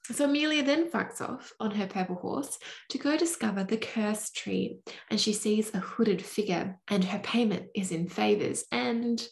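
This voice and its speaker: A woman co-host recapping a book in relaxed, casually profane chat. Her voice is gravelly with vocal fry. The recording sounds roomy and echoey. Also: medium pitch, normal speed. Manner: laid-back storytelling, swears casually. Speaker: podcast co-host. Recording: roomy echo.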